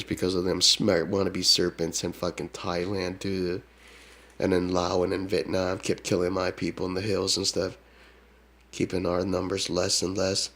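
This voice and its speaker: Gravelly low-voiced man, taunting. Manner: repetitive, taunting, keeps adding "duh". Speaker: self-proclaimed shaman. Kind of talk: rambling monologue.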